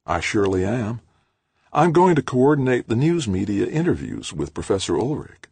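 A man's voice: lowish voice, sing-song, moderate pace, gravelly, breathy edge, dry recording, voice pushed up, full character voice. A man voicing a cheerful, chatty young woman who coordinates the news media. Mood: eager. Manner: bright and chatty.

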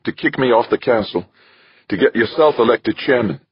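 A man's voice: sing-song, unhurried, husky, no room sound, full character voice. A man reading an audiobook and voicing an indignant, scheming woman council member in a raised voice. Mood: coldly furious. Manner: shrill, indignant outbursts. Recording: dull lo-fi dry recording.

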